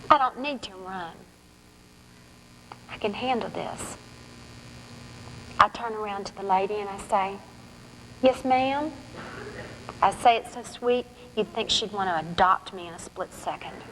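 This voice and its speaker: A woman reads a first-person story aloud from her own book, with a lively, sly storyteller's delivery. Her voice sits at a middle pitch. A faint hiss runs underneath the recording. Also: normal speed, pauses often, rough recording. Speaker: author reading her novel at a forum.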